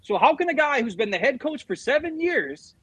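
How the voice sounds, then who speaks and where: A man's voice: very high-pitched, sing-song, fairly quick, a bit bright, no echo, low-quality recording. A middle-aged man co-hosting a sports show, venting in heated, profane casual chat about his team's loss. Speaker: sports podcast co-host.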